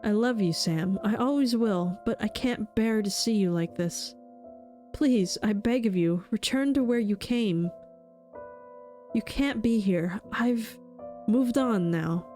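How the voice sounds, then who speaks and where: Casting: woman as a tearful young widow begging, mid-pitched, soft music behind. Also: slow, close to an everyday voice. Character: sobbing young wife, frightened and grieving.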